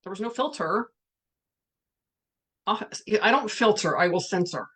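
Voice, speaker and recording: A woman's voice: medium pitch, animated, unhurried, a bit bright, slightly rough. A woman speaking as a spiritual coach in a casual livestream, talking frankly and chattily and reading viewer comments aloud.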